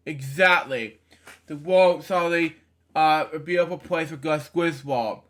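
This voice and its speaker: A man's voice: on the high side, measured pace, fairly bright tone. A man reading a children's book aloud, stumbling over words and adding offhand comments between pages. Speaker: storybook reader.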